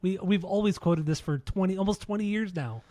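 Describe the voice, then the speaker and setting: A man co-hosting a casual music podcast, talking with keen enthusiasm and plenty of swearing. His voice sits somewhat high, with a mellow, warm tone, recorded close and dry. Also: a little fast, no echo. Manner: enthusiastic, swears often, repeats words when starting. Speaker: podcast co-host. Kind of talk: casual chat about music.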